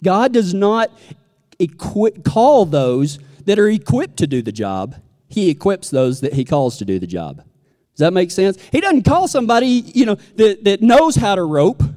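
A Texan man with a high, slightly mellow voice preaches a folksy sermon packed with stories, acting out what people say. Long hall reverb fills the recording.

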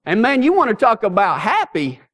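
High-voiced preacher telling folksy stories. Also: male voice, brisk. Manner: folksy, humorous, animated storytelling. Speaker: pastor. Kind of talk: storytelling sermon.

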